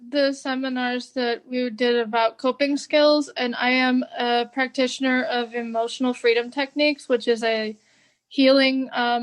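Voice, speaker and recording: A woman's voice: high-pitched, poor audio. A woman donating an item, speaking hesitantly with many fillers. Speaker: donor. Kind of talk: casual remarks on a call.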